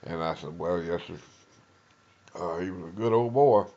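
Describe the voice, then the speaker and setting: An older East Texas man, a retired lawman and Vietnam veteran, tells his oral-history story in a Southern accent, rambling and halting with lots of uhs while acting out what people said. His voice is deep and mellow, and the recording has a lo-fi sound.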